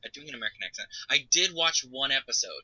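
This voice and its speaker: A woman co-hosting a podcast in casual chat, adding animated asides. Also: a bass voice, racing, poor audio. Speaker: podcast co-host.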